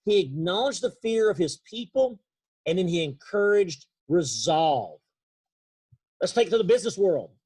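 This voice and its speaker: A man with an East Texas accent giving an earnest, emphatic leadership talk on a video call, slowing down for key points. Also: high voice, sing-song, a little mellow, husky. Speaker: leadership speaker. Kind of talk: motivational webinar talk.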